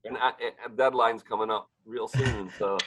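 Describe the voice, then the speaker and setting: A man talking casually as a podcast guest, with a voice of middling pitch. He rambles and trails off mid-sentence while he hunts for names, then picks the thread back up. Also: steady tone, moderate pace, fairly bright tone, breathy edge, poor audio. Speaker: guest, pizzeria owner and pizza competition emcee.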